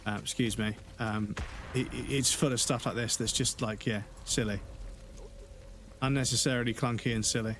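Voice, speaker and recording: A young man livestreaming a video game, chatting casually with his viewers. He talks in a rambling, profane way, full of fillers and asides, at an ordinary middle pitch. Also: steady tone, moderate pace, noisy background. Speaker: streamer. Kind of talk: casual gaming livestream commentary.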